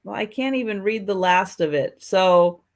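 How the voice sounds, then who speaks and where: A woman hosting a live online sale of old photos, talking in an unhurried, gentle and kind way. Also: mid-range voice. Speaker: host and seller of old photos.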